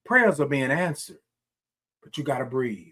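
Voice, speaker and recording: A man's voice: mid-range voice, sing-song, normal speed, pushed and bright. A man hosting a motivational morning talk, preaching in a rhythmic call-and-response way with repeated phrases. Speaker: host.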